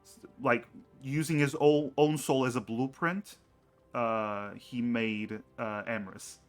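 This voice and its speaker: A man in the game master's seat, slowly walking his players through the lore of his world. He talks in a halting way, full of fillers and restarts, with his pitch sitting in the middle of the range. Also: steady tone, soft background music. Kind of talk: explaining campaign lore on a stream.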